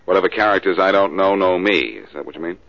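An actor in an old radio drama playing a cocky, wisecracking reformed-thief detective. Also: male voice, low voice, fast talker, vocal fry. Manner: dry wisecracks, easygoing. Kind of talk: 1940s radio acting. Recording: dull old radio broadcast.

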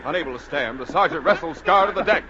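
A man's voice: a little high, expressive, quick pace, crowd noise. A man narrating a radio adventure drama with urgent, suspenseful delivery. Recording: muffled old radio recording with hiss.

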